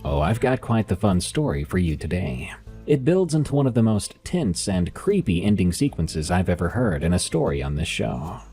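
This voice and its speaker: A man with a nasal voice hosting and narrating horror stories in a calm, measured way. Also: sits low, over music. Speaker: horror story narrator and podcast host.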